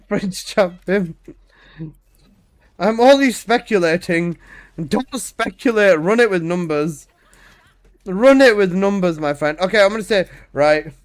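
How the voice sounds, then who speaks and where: High-voiced excitable gaming streamer man. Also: slow pace, long pauses. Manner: excitable, teasing, swears, repeats himself. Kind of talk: casual live-stream banter.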